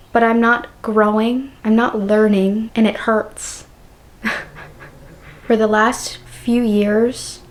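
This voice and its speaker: Slow, earnest woman vlogging to camera. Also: medium pitch. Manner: slow, earnest and searching, with pauses. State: emotional, close to tears. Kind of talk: unscripted personal reflection to camera. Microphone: on-camera mic of a compact vlogging camera.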